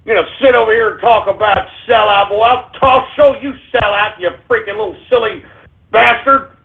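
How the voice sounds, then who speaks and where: Radio host, high-pitched man, furious shouting rants full of cursing, tinny lo-fi sound. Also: vocal fry, breathy edge. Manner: angry, shouting, swearing, drawn-out taunts. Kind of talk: live call-in radio rant. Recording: tinny lo-fi broadcast audio.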